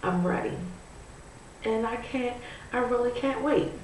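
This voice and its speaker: A pregnant woman talks slowly and chattily to camera while curling her hair, often pausing on "you know." Her voice sits back from the mic and rings strongly around the room. A faint hiss runs underneath. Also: on the high side, darkish tone, far from the mic. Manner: chatty and musing, full of "you know" and "I'm like". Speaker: vlogger. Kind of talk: casual chat to camera. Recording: echoey room, voice away from the mic, faint noise.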